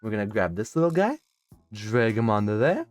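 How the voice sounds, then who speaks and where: A man's voice: fairly low pitch, very animated, brisk, darkish tone, faint music behind. A young man doing comedic reaction commentary, exasperated and sarcastic, swearing through his rants. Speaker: commentary YouTuber.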